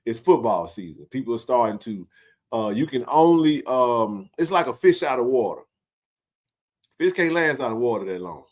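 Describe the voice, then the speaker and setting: A man hosting a casual sports livestream, animated and joking in colloquial speech. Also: mid-range voice, moderate pace. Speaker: sports talk show host.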